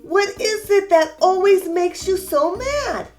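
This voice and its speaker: A woman voicing small, worried yellow songbirds who ask light, questioning things. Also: very high-pitched, expressive, slow, soft background music, heavily acted. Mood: puzzled.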